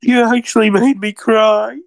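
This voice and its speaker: A woman's voice: on the high side, fairly even intonation, unhurried, creaky, dry recording. A young woman in a casual recorded reaction, pleading and swearing while breaking into laughter and near-tears, talking close to her own mic.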